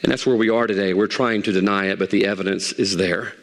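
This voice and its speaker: A middle-aged man preaching a sermon as pastor, animated, swinging from loud emphatic highs to soft asides. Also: fast. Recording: long hall reverb.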